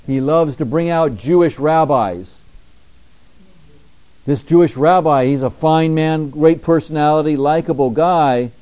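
Warm-voiced male pastor preaching emphatically. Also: mid-range voice, clear, resonant tone. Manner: emphatic preaching, slows down to read scripture. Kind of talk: sermon.

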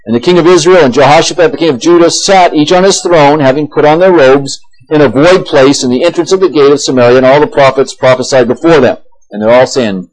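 A man's voice: fairly high pitch, expressive, a little fast, poor audio. A male pastor preaching a sermon, reading old-style scripture aloud and then retelling it in casual, emphatic slang. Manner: emphatic, asks listeners for agreement.

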